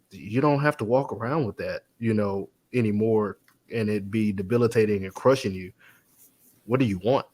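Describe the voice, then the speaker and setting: A man speaking as a guest in a casual faith-based conversation, telling a story with energy, acting out quotes and laughing easily. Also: lowish voice.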